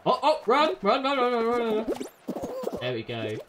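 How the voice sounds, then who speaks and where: A woman commentating her own gameplay, excitable and yelling at other players. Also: on the high side, moderate pace, background noise. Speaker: gaming channel host.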